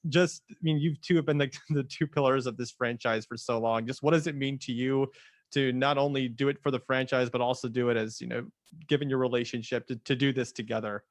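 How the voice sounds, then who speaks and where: A man reporter works his way through a long, meandering question at a press conference and sounds amused. His voice is mid-pitched and comes through dry, with no room echo. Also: fairly even intonation, fairly quick. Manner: rambling, amused.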